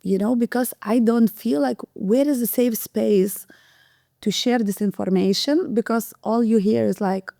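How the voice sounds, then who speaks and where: Podcast co-host, female, dark gravelly tone, fast emotional storytelling, dry close mic. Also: fairly high pitch, dry recording. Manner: fast, tumbling retelling with many "you know" fillers.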